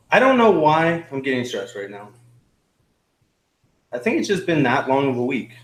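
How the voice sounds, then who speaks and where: A man's voice: medium pitch, sing-song, normal speed, long pauses. A young man hosting a casual live-stream chat, rambling and laughing nervously, a little out of breath. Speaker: host.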